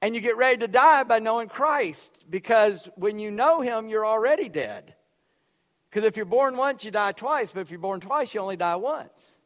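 A man preaching a sermon, loud and emphatic, dropping suddenly to quiet for effect. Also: high-pitched, expressive, normal speed, long reverb tail. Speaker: pastor.

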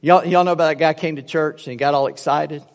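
This pastor preaches fast in a fairly high voice, telling stories with animation and putting on voices for his jokes. It's recorded with long hall reverb.

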